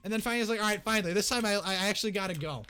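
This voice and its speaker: Young male vlogger, high voice, excitable rambling storyteller, faint music underneath. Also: very fast. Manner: excitable, rambling, restarts often. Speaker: YouTuber. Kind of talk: casual storytime.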